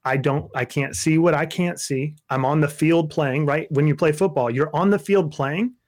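A man sharing his personal story in an interview, earnest and intense, dropping to a soft low voice and then building to emphatic outbursts. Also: moderate pace. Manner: intense, voice drops low and soft in tender moments.

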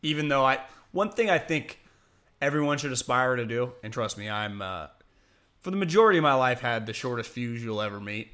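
A man co-hosting a casual podcast chat, an animated storyteller who swings between laid-back and loud. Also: mid-range voice, fairly quick.

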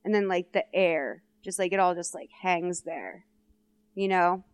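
A woman's voice: lowish voice, a little slow, clear, resonant tone. A young woman co-hosting a podcast in casual chat, retelling a film scene and slipping into the characters' voices. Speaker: podcast co-host.

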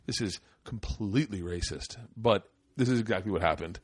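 A man's voice: fairly low pitch, normal speed, husky, no room sound. A man hosting a podcast, telling a story in casual, profane chat and acting out the quotes in a raised voice. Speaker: podcast host.

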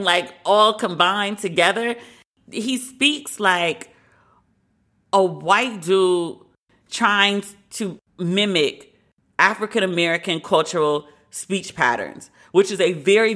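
Bright-voiced woman podcast host, candid. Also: lowish voice. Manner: candid, opinionated, conversational with occasional profanity. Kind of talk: casual commentary.

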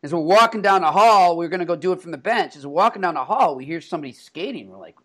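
High-voiced man telling animated stories. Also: racing. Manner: animated, laughing storyteller with frequent restarts. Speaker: podcast co-host, hockey reporter. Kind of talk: casual storytelling chat.

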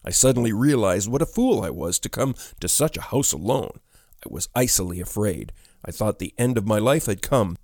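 A man narrating a ghost story in a measured storytelling delivery. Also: lowish voice, expressive, a little mellow, no room sound, studio quality.

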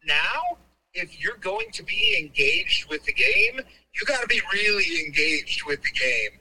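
A man talking as a guest reporter in a casual chat, enthusiastic and animated. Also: on the high side, low-quality recording.

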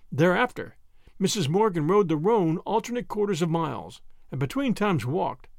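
Animated male story narrator. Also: high-pitched, no room sound, studio quality. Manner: dramatic, lively character voices. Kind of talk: audiobook reading of a short story.

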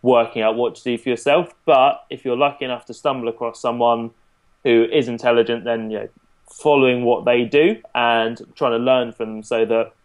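Relaxed man explaining coaching ideas. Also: mid-range voice, normal speed. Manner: explanatory, relaxed, frequent fillers. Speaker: fitness coach. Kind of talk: casual podcast chat.

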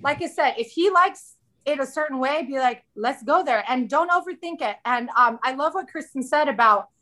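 A woman's voice: high-pitched, lively intonation, moderate pace, sharp tone. A woman in her thirties, a podcast guest in casual chat, candid and chatty, often quoting herself.

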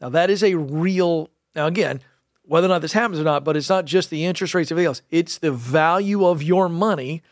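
A man co-hosting a money talk show, animated and wry, chatting casually with his co-host. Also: fairly high pitch, a little fast, dry recording, clean studio sound. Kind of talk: casual chat.

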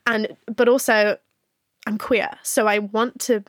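A woman's voice: fairly high pitch, level tone, slow, no echo, studio quality. A woman hosting a podcast, talking frankly in a casual chat, swearing freely and laughing often. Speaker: podcast host.

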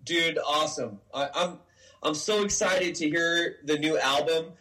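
A man's voice: a little high, unhurried, pushed and bright, low-quality recording. A man co-hosting a podcast interview, enthusiastic as he asks questions. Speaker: podcast co-host. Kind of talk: casual interview chat.

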